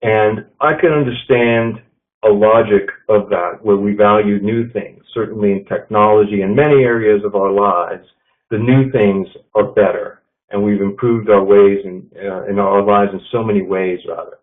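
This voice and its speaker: A man giving a leadership presentation to an audience, measured and telling stories. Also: on the low side, fairly even intonation. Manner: measured, storytelling with quotes. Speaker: leadership speaker. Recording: tinny phone-like sound.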